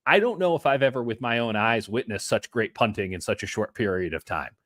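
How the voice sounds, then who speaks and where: Animated man talking football. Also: fairly low pitch, brisk, no echo, clean studio sound. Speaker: podcast host. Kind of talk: casual sports chat.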